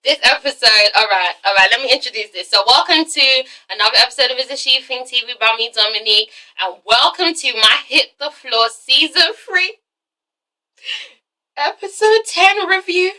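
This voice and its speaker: A young woman doing a chatty, excited episode recap, acting out the characters' lines as she goes. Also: fairly high pitch, a little fast, few pauses, distant mic, poor audio. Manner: animated, giggly, slips into dramatic character voices. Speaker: TV episode reviewer. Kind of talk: excited casual recap with acted-out quotes.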